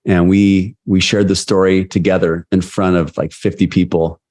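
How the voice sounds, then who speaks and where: A middle-aged man who coaches sales leaders tells candid stories in an interview, restarting often. His voice sits low and level with a slightly mellow quality, and he speaks at a moderate pace.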